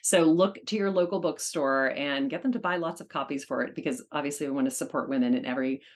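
A woman guest on an interview podcast, a charity auctioneer talking in an upbeat, energetic way. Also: low voice, quick pace. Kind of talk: casual conversational interview.

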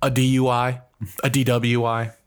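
Young guy podcast cohost, mid pitch, dry punny jokes. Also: completely flat delivery, moderate pace, smooth. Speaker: podcast co-host. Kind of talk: casual chat.

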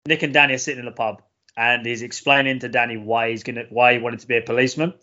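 A man's voice: mid-range voice, level tone, fast talker, sharp tone. A man in casual film chat who swears freely and acts out quotes from films. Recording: dull lo-fi sound.

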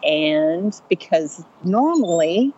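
A woman comedian telling a funny story on a podcast, chatty and animated, acting out the voices of the people in it. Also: lowish voice, drawn-out words, husky, dull audio. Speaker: stand-up comedian and rideshare driver.

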